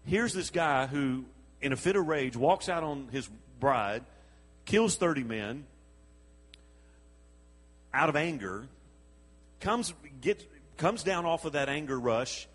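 A man delivers a sermon in a voice that sits a little high and has a husky edge. He tells the story with chuckles and acts out the lines of the people in it. His words carry a long reverb, as in a large hall. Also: slow, long pauses. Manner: animated storytelling with chuckles and acted-out quotes. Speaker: preacher.

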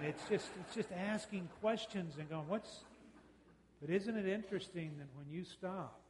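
A man giving a talk on parenting, folksy and conversational, acting out quick exchanges with kids. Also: sits high, big-room sound. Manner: folksy, uses quoted dialogue and quick mock exchanges. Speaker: speaker on parenting, radio host and counselor.

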